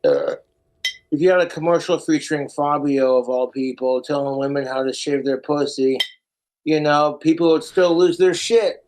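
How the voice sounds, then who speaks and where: A man with a slightly high voice rants on a casual podcast. His talk is crude and blunt, and his jokes come in quick bursts. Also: a little mellow, poor audio.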